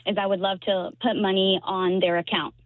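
A woman's voice: mid-range voice, level tone. Teacher woman calling in over a tinny phone. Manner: earnest, a little halting. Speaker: third grade teacher, caller. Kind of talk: casual phone call on radio. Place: parked car at school.

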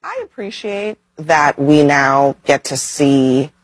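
A woman commentator speaking in a measured, earnest way about politics. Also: deep voice, lively intonation, slightly rough, no room sound, low-quality recording.

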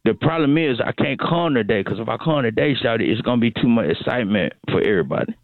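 A man's voice: medium pitch, animated, quick pace. Rambling man on a tinny phone line. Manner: rambling, repetitive, coaxing. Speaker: regular caller on a radio show. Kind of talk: comedic excuse phone call.

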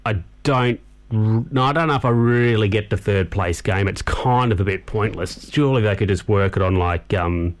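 A man's voice: fairly low pitch, moderate pace. A man hosting a radio show, chatting loosely between songs, tired and yawning, with plenty of ums and you-knows. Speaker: radio host. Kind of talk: casual chat between songs.

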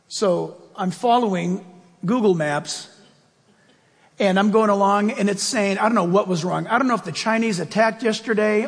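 A man preaching a sermon as a pastor, telling a self-deprecating story with animated asides. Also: high-pitched, breathy edge, long reverb tail.

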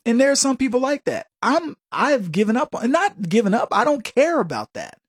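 A man's voice: very high-pitched, sing-song, a little fast, slightly rough, no echo, studio quality. An older man hosting a talk show, giving casual commentary in a mocking tone and laughing often.

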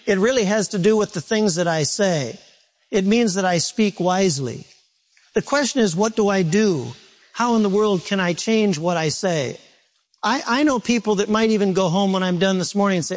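A man's voice: sits high, moderate pace. A male pastor preaching a sermon in a church, conversational and self-deprecating, often restarting his sentences.

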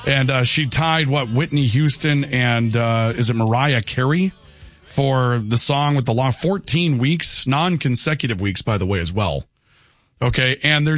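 A man's voice: mid-range voice, fairly bright tone, no echo. A talkative male radio host holding forth in a close, dry studio sound. He rambles from point to point with firm opinions and keeps tagging his sentences with "okay?". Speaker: radio talk show host. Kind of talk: casual call-in radio talk. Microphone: studio microphone.

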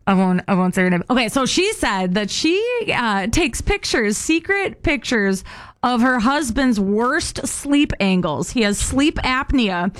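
A chatty woman co-hosting a radio show, her voice sitting on the higher side. She laughs easily and reads out listener texts in a relaxed, casual way. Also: unhurried.

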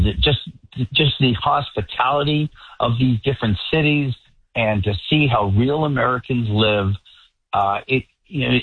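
A man with a Boston accent, a political commentator calling in to a radio show, relaxed and wry. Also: mid-range voice, slightly rough, no room sound. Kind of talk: call-in radio interview. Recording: tinny phone line.

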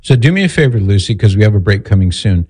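Male call-in host; calm, counseling; deep, warm tone. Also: quick pace, husky. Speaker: radio show host. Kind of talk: call-in radio talk.

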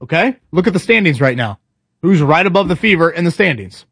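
A man hosting a morning sports talk show in casual chat, emphatic and animated, restarting his sentences often. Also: on the high side, brisk, husky, no room sound, studio quality.

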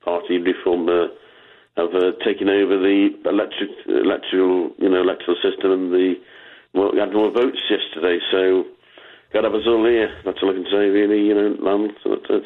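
A man's voice: low-pitched, little pitch movement, a little fast, narrow, tinny audio. A man from England with a Staffordshire Potteries accent, calling in to a radio show, mumbling and hesitant, repeating his words. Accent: Staffordshire Potteries English. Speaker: caller. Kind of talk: phone-in chat.

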